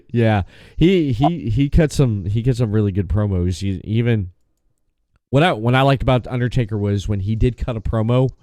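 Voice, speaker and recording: Guy hosting a podcast, low mellow voice, keen, trips over his words a lot, dry sound. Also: dry recording. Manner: enthusiastic, halting with repeated restarts, swears casually. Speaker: podcast host. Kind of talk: casual podcast chat.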